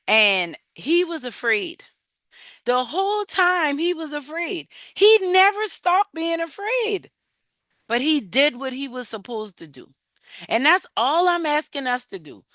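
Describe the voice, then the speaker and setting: A woman coaching a support group, retelling scripture in an animated, encouraging, conversational way. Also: fairly high pitch, no room sound. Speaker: emotional wellness coach leading a support group. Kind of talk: faith-based coaching talk retelling scripture.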